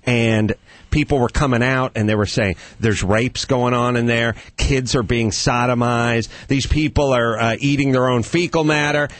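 A man's voice: medium pitch, fairly even intonation, moderate pace, no echo. A man hosting a comedic radio talk show, riffing and slipping into exaggerated impressions.

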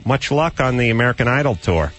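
Wisecracking middle-aged radio host. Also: male voice, medium pitch, animated, fairly bright tone, soft background music. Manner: wisecracking, quick to slip into silly voices. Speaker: radio talk show host. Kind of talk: comedic radio chat.

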